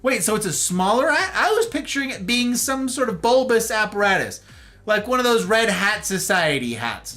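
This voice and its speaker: A man chatting casually with viewers on a live stream, playful and jokey, his pitch swooping up and down. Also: big pitch swings, a little slow, bright, forceful tone, faint music behind.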